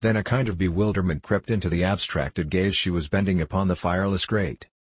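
A man narrating a novel in a measured, even manner. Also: deep voice, husky, no echo. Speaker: audiobook narrator. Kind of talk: scripted narration.

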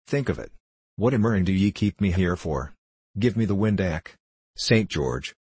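Loyal young squire, pleading urgently, deep husky tone, read by a man. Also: animated, moderate pace, a little mellow, no room sound, full character voice.

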